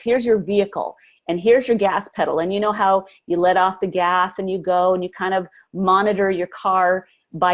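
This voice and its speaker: A middle-aged woman telling a personal story to a group with lively enthusiasm, acting out the quotes. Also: on the low side. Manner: animated storyteller, acts out quotes. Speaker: speaker sharing a personal testimony.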